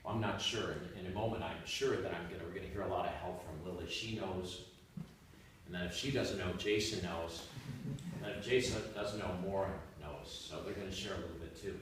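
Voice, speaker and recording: A Catholic priest gives an informal, joking homily to a congregation in a church hall, conversational with rising, emphatic asides. His deep voice is fairly quick and a bit bright, recorded far from the mic in an echoey room with slight background noise.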